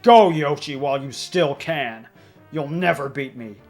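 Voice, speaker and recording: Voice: mid-range voice, unhurried, faint music behind, voice pushed down, close to an everyday voice. A game streamer voicing a boastful male monster king taunting the hero. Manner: loud, taunting.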